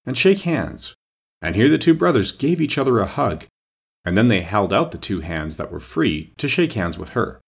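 Gravelly, husky male audiobook narrator. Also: fairly low pitch, big pitch swings, normal speed. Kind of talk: scripted narration.

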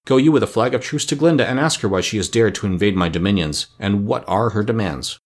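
A man's voice: fairly low pitch, fast. A man voicing a fretful, vain young queen in a storybook reading, anxious and lofty.

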